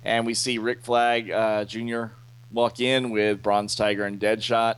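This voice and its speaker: A man's voice: lowish voice, level tone, a little slow, smooth. A man casually recapping a comic book to a co-host, hesitant with fillers. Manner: hesitant, many fillers, self-deprecating. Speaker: podcast co-host reading a comic aloud. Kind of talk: casual chat, reading comic dialogue aloud.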